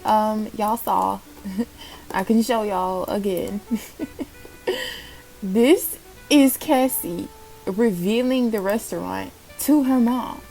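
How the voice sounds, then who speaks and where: A woman, excitedly narrating her life-sim game story in casual commentary and talking straight to her viewers. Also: mid-range voice, slow, creaky, soft background music. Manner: chatty, excitable, addresses viewers as y'all. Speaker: Sims gameplay narrator.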